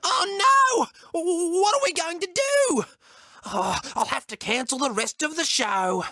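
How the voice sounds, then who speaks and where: A woman's voice: very high-pitched, animated, measured pace, pushed and bright, no room sound, studio quality, heavily acted. A woman voicing a bumbling, silly male clown in a children's storybook, goofy and exclaiming. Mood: dismayed.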